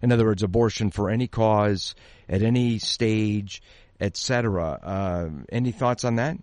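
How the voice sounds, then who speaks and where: A man's voice: fairly low pitch, moderate pace, darkish tone, no room sound, clean studio sound. A man hosting an interview, talking in an emphatic, conversational way and leaning on key words. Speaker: interview host.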